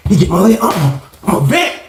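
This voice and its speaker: A man telling a story in casual chat, animated and profane, full of street slang and vocal sound effects. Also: high voice, brisk, a little hiss or hum. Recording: roomy echo.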